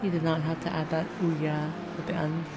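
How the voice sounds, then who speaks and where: A woman co-commentating a sim race in a low, dry and teasing voice that sounds bored. Clear noise hums under her stream mic. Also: level tone, brisk. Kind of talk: casual live race commentary.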